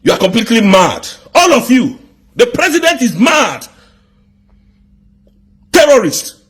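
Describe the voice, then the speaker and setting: A man's voice: very high-pitched, very animated, a little slow, a bit bright, breathy edge. A man with a Nigerian accent delivering an angry political rant, firing off indignant rhetorical questions. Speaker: commentator.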